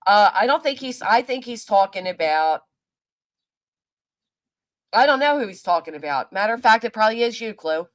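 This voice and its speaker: Furious and profane, a woman goes off in an angry livestream rant, snapping back at her chat. She speaks at a normal pace in an expressive mid-range voice, leaving long pauses.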